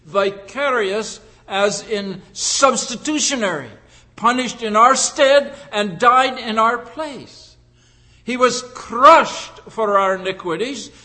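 A man preaching a sermon in an earnest, emphatic way, with frequent pauses and fillers. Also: very high-pitched, pushed and bright. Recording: long hall reverb.

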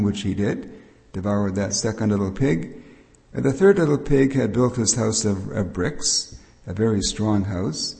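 A man's voice: fairly low pitch, normal speed, gravelly, mellow. An older man giving a patient, explanatory Bible teaching sermon as a preacher. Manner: explanatory, patient, with frequent restarts. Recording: long reverb of a hall.

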